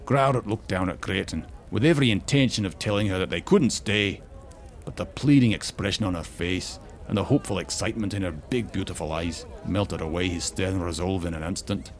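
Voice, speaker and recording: A man narrating a fantasy story in a measured, expressive storytelling manner. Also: sits low. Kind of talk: audiobook-style fantasy story reading.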